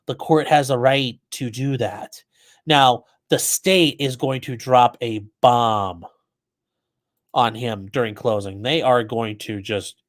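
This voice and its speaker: A man hosting a casual live stream, commenting on a trial and answering chat with blunt, profane asides. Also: medium pitch. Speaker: livestream host commenting on a trial.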